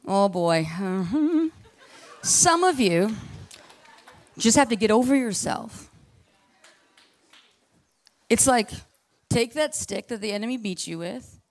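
A woman with a slightly high voice preaches a conversational sermon that is both impassioned and casual. She packs it with asides and swings between hushed and loud.

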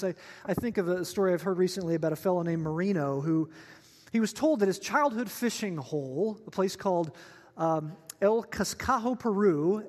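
High-voiced preacher man in a reverberant hall. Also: a little mellow. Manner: conversational and joking, asks the audience questions. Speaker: pastor. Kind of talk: sermon. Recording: long reverb of a large hall.

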